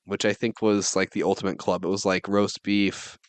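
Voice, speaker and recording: A man in his twenties, co-hosting a podcast, tells friends a rambling story and fills nearly every phrase with "like." His voice is low and level, the pace moderate, and the recording dry.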